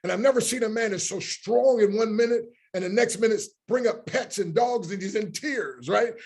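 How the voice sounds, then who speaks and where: High husky guy hosting a live call, gushing over everyone who joins. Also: normal speed, darkish tone. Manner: enthusiastic, effusive greeting of many names. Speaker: host. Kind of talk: livestream welcome and introduction.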